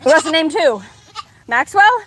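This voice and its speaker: A woman's voice: high voice, lively intonation, measured pace, background noise. A woman vlogging from her farm, chatting to her animals in a coaxing, sing-song way. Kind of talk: casual talk to farm animals. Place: outdoors on a farm. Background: goats bleating.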